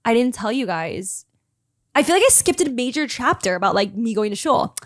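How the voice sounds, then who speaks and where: A woman's voice: fairly high pitch, normal speed, dry recording, clean studio sound. A young woman hosting a podcast. She tells a story in a casual, chatty way and fills her speech with "like.". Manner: chatty, animated, full of "like" fillers. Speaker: podcast host.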